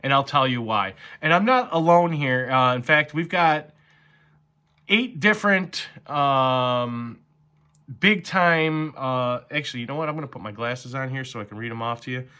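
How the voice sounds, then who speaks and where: A man hosting a casual crypto video, talking excitedly with lots of fillers, his voice a little strained from talking all morning. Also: medium pitch, clear, resonant tone. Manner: excited, fast-paced with many fillers. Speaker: crypto vlogger. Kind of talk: casual enthusiastic market update.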